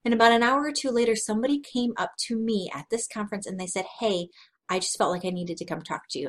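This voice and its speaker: A woman in her thirties giving a devotional teaching talk, earnest and conversational, telling personal stories frankly. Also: medium pitch. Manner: earnest and conversational, slow and deliberate. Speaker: Christian speaker.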